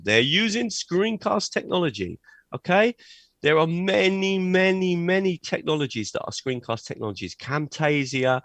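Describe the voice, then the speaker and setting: A man leading a live online teaching workshop and demonstrating software on a video call, checking in with "okay?" as he goes. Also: a little high, dry recording. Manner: energetic, frequent "okay?" check-ins. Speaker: teacher trainer. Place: at a computer sharing his screen.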